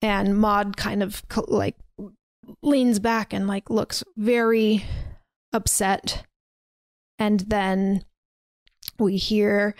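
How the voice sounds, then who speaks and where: In a dry recording, a young podcast host casually recaps a horror film, full of "like" and little laughs as she tells the story. Her medium-pitched voice is flat and extremely slow, with frequent pauses.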